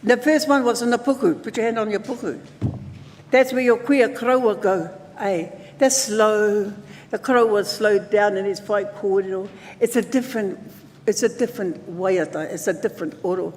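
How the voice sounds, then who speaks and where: A man in his seventies with a New Zealand accent, speaking at a conference as a lively storyteller who mixes in Māori words. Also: sits high, moderate pace, slight background noise. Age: 70s. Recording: long hall reverb.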